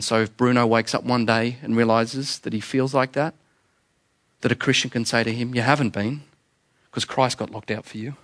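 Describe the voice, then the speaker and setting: A man's voice: medium pitch, fairly even intonation, normal speed. A young adult man preaching a sermon as a pastor, earnest and emphatic, repeating phrases and pushing his voice up to make a point.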